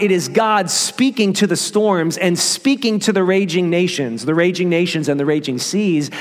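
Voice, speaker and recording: A man preaching a sermon with emphasis. He slows down and drops low on key phrases. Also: big-room sound. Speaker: pastor.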